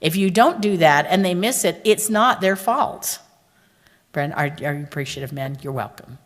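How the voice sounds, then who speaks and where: A woman's voice: fairly low pitch, animated, moderate pace. Middle-aged woman joking in a big hall. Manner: joking, storytelling, addresses the audience directly. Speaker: conference speaker. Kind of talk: humorous talk to an audience. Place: large conference hall. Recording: long hall reverb.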